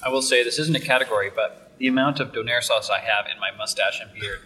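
A man's voice: mid-range voice, quick pace, bright, forceful tone. A man in casual food-review chat, wry and keeping the conversation on track. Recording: distant mic with faint noise.

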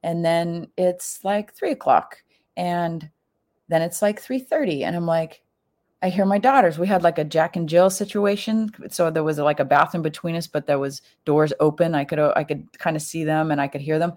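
At a normal pace and with a slightly mellow tone, a middle-aged woman chats through a personal story, leaning on "like" fillers. When quoting others she performs their lines with big leaps in pitch.

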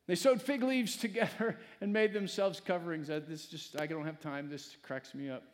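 A male pastor preaching a sermon, swinging between loud, emphatic lines and hushed, quiet ones. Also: on the high side, steady tone, normal speed. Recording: long hall reverb.

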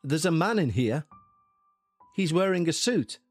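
A man voicing a young man in a trance, flatly describing what he sees in a horror story. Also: on the high side, measured pace, soft background music. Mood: eerie. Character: young man in a trance, then dazed and indignant.

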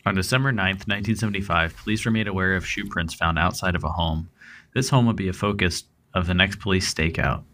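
A man's voice: low voice, fast talker. A man co-hosting a true crime podcast, reading out a case and then chatting about it with fillers and a laugh in his talk. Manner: relaxed, thinking aloud with fillers. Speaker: podcast co-host. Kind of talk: true crime narration and chat.

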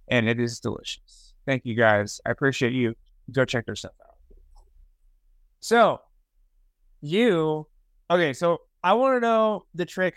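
A man hosting a casual podcast, talking in an upbeat, chatty way. His voice is smooth and clear. The sound is dry and close, with no room behind it. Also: fairly high pitch, a bit bright, dry recording. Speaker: podcast host.

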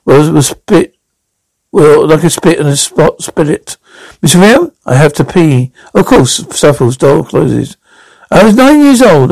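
A man with a gravelly, slightly raised voice reads a tense crime scene, doing all the parts himself. He speaks the stage directions aloud between the lines. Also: fairly high pitch, darkish tone, no echo, rough recording. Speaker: reader performing all parts. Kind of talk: dramatic reading of a crime scene.

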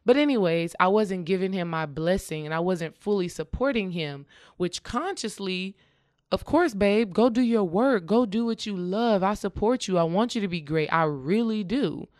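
A woman's voice: medium pitch, normal speed, no echo, clean studio sound. A woman in casual conversation, earnestly sharing her own experience and coaching the listener, often checking in with "okay?". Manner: acts out quoted dialogue in lively voices.

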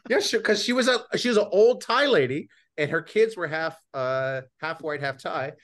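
A man's voice: fairly high pitch, lively intonation, normal speed, fairly bright tone. A man co-hosting a podcast in casual chat, teasing his friends and repeating his lines. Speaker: podcast co-host.

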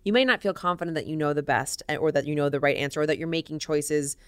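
A woman co-hosting a parenting podcast, speaking with a fairly low and smooth voice. She reflects aloud and often restarts her sentences as she thinks, recorded close and dry. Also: fast, no room sound. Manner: thoughtful, reflective, frequent restarts. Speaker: podcast co-host. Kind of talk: casual parenting chat.

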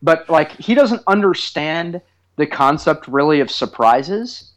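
A man in his thirties with a fairly high voice for a man, co-hosting a casual chat. He tells stories with animated, teasing humor and pokes fun at himself. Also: measured pace. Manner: animated, teasing, self-mocking storyteller. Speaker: podcast co-host. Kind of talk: casual chat, comic storytelling.

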